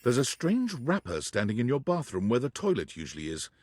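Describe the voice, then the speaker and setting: A man reading scripted game narration in a measured, descriptive way. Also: medium pitch, wildly swooping pitch, noisy background.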